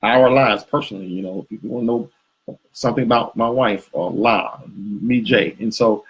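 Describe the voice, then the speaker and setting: A man's voice: on the low side, normal speed, breathy edge, poor audio. A man co-hosting a live couples show, talking casually and rambling with fillers and restarts. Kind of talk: live video chat with viewers.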